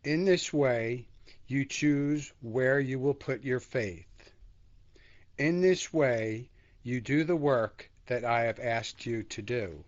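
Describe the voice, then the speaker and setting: A man slowly reading a spiritual text aloud and reflecting on it, halting with fillers. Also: mid-range voice. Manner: slow, hesitant, halting with fillers. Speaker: spiritual study group reader. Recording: dull lo-fi sound.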